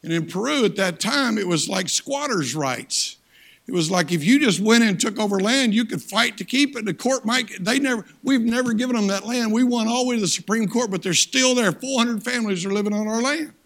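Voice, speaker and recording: A man's voice: high-pitched, fairly quick, a bit bright. An older man, a missionary and guest preacher, giving a sermon in a plain-spoken, folksy storytelling way with emphatic turns. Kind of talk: sermon with personal stories.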